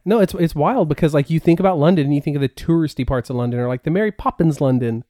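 A man's voice: a little high, fast talker, mellow. A man co-hosting a podcast, talking casually with many fillers and restarts. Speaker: podcast co-host. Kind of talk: casual chat.

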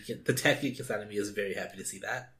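A man's voice: lowish voice, sharp tone. A man co-hosting a casual podcast chat, talking eagerly and often restarting his sentences. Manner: enthusiastic, halting with repeated restarts. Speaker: podcast co-host.

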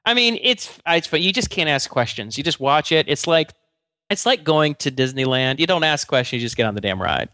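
Halting man with a dry voice. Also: on the high side, animated, sharp tone, smooth, dry recording. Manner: halting, stammering restarts. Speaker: podcast co-host. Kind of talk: casual chat.

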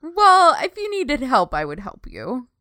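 Giggly woman cohosting a podcast, smooth clear voice, dry close mic. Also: a little slow, dry recording. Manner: giggly, chatty, squeals high when excited. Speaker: podcast co-host. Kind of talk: casual chat.

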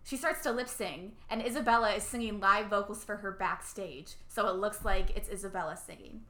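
A woman casually recapping a movie plot as a podcast co-host, animated and acting out the characters' lines. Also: mid-range voice, a little fast. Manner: animated, acts out characters' lines, laughs often.

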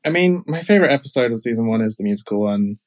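A man's voice: mid-range voice, expressive, very fast, darkish tone. A man chats as a guest on a podcast, talking about his own show. He sounds enthusiastic and fills his sentences with um and like. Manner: enthusiastic, chatty, many fillers. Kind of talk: casual podcast interview.

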